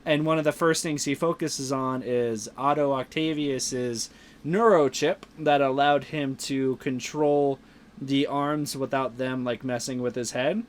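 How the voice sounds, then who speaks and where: A man's voice: mid-range voice, steady tone, a little slow. A man hosting a podcast, casually retelling a movie plot with lots of fillers and restarts. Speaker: podcast host. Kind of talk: casual movie review chat.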